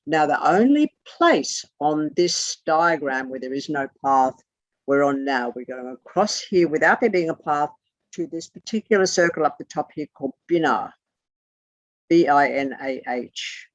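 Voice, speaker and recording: Running a lesson online over video call, an animated teacher with a mid-range voice spells out each term letter by letter. The delivery is blunt and sometimes profane. The recording is muffled and lo-fi, dry and close, without any echo or room.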